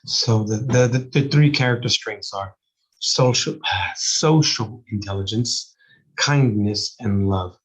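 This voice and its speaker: Indoors and alone in front of a camera, a husky-voiced man with a Texan-Spanish accent speaks lowish and slowly, losing his voice as he lectures. His delivery is casual, wandering, and packed with fillers, and the camera mic captures poor audio.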